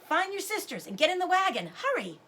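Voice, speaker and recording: A woman's voice: very high-pitched, big pitch swings, a little fast, bright, forceful tone, voice pushed up, exaggerated voice. A woman voicing a pioneer father who gives urgent commands in a raised voice.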